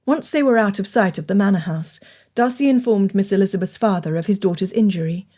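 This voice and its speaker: A woman narrating an audiobook in a steady, clear storytelling manner. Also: medium pitch, fairly quick. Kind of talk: scripted narration.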